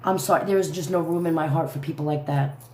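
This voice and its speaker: A woman's voice: deep voice, steady tone, fast, dark tone, a little hiss or hum. A woman giving a heated, profane commentary rant on a livestream, repeating herself as she vents. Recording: echoey room.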